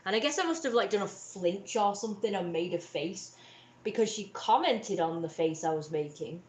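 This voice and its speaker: A woman's voice: mid-range voice, lively intonation, normal speed, a little mellow, echoey room. A young woman hosting a livestream, retelling a family conflict in a rambling, upset way with many restarts. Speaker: livestream host. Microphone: webcam or phone on a livestream.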